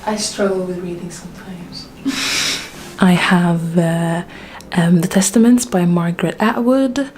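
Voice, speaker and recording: A woman's voice: fairly low pitch, takes it slowly, darkish tone, slight background noise. A woman from Sweden giving a casual bookshelf tour, chatty and self-deprecating with plenty of fillers, a little out of breath. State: slightly out of breath. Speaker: book vlogger.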